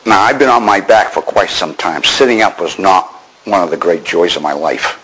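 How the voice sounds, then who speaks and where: Older man from Maine, lowish voice, wry understatement, personal storytelling. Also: normal speed, a bit bright, slightly rough, low-quality recording. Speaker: veteran telling his war story.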